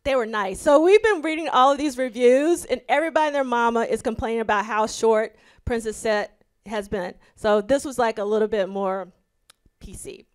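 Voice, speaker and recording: Smooth-voiced woman with an Alabama accent. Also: on the high side, fairly quick. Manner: chatty, reads press clippings aloud with asides. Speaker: podcast host. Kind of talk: casual discussion with reading aloud. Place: live symposium event.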